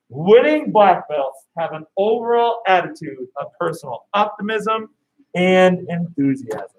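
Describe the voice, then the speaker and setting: A karate instructor teaching an online kids' class, upbeat, calling out drill commands and counting down. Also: male voice, high voice, sing-song, measured pace, slight background noise, rough recording.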